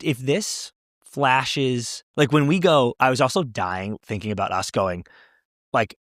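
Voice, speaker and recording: A man co-hosting a podcast in casual chat, excitable and swearing, acting out quotes. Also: mid-range voice, unhurried, dry recording, studio quality. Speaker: podcast co-host.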